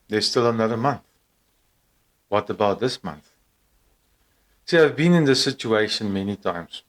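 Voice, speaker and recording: Non-native English-speaking man, low-ish voice, very slow, halting encouraging monologue. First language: not English. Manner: hesitant, with many pauses and fillers. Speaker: vlogger. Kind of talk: casual encouraging talk to camera.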